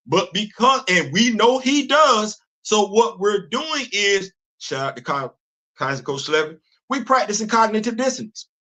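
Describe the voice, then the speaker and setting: A man's voice: high-pitched, lively intonation, moderate pace, pushed and bright. An older man hosting a livestream commentary show, talking with animation and repeating words as he starts sentences. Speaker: host.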